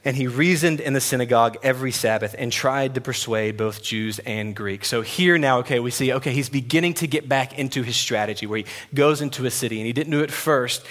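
A man's voice: medium pitch, a bit bright. Man preaching in a reverberant hall. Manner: conversational and emphatic, retelling scripture. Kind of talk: sermon. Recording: long reverb of a large hall.

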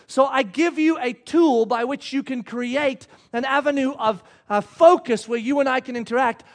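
A middle-aged man preaching a sermon, telling stories and acting out the quotes with lively energy. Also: very high-pitched, moderate pace, few pauses. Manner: animated storytelling, acting out quotes.

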